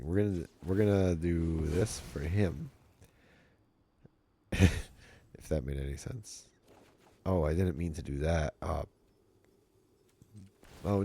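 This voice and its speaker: A middle-aged man with a deep, mellow, slightly husky voice commentates his card game for a stream. He is goofy and self-mocking, tossing jokes at his viewers into a desk mic. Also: no room sound. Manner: goofy, self-mocking, jokey asides to chat.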